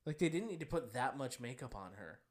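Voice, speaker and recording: A man's voice: mid-range voice, very animated, a little fast, a crowd in the background. Joking young man on a podcast. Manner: joking, teasing, rambling. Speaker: podcast co-host. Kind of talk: casual chat.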